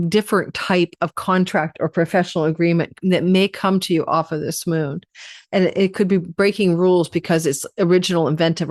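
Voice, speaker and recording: A woman's voice: lowish voice, dry recording, clean studio sound. A tired woman astrologer giving a rambling, chatty forecast and running through lists of possibilities. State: tired, yawning.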